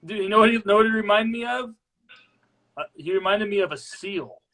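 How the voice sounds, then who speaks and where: A man co-hosting a casual movie discussion, retelling the plot in a relaxed way and laughing easily. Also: high voice, a little fast. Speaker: co-host.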